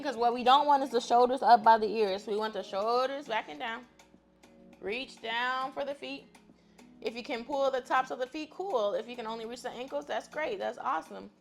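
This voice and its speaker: A woman's voice: fairly high pitch, normal speed, faint music behind. A woman guiding a stretching class in an upbeat, chatty way, often laughing as she talks. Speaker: fitness instructor.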